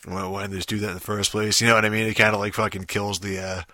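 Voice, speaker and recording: A man with a rough throat, ranting casually and rambling, swearing constantly and restarting his sentences. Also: fairly low pitch, level tone, rapid-fire, sharp tone, dry recording. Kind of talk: casual rant.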